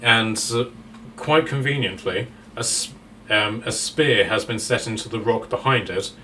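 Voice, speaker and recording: A man's voice: fairly low pitch, measured pace, sharp tone, distant mic, slight background noise. A man narrating a tabletop game as game master, rambling with many fillers and restarts.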